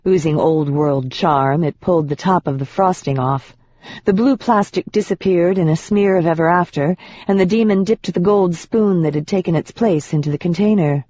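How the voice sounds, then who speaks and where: An audiobook narrator reading a fantasy novel in the first person, in an even, measured way with tense emphasis at moments of fear. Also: medium pitch, no room sound. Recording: dull, dry audiobook recording.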